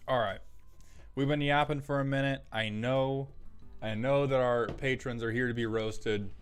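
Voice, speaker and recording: A male streamer chatting casually in a mid-range voice, rambling along and breaking off to thank viewers. Faint music plays softly underneath him. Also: medium pitch, fairly even intonation, clean tone. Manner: chatty, rambling, quick asides to chat. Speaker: streamer host. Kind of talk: casual live-stream chat.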